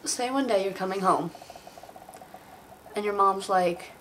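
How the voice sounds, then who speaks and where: A woman's voice: medium pitch, a little slow, fairly bright tone, slight background noise, rough recording. A young woman making a comedic vlog, playfully telling stories and acting out silly excuses. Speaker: vlogger.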